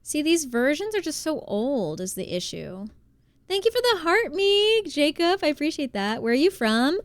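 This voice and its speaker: A woman from New Jersey, live streaming and chatting casually while she plays, reading out and thanking her chat, quick to exclaim. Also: high-pitched, big pitch swings, no room sound.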